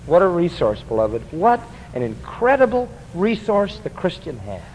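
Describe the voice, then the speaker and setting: A man's voice: high voice, big pitch swings, normal speed, a little hiss or hum. A man preaching a sermon with emphasis, asking the congregation to fill in the key words. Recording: dull lo-fi recording with long hall reverb.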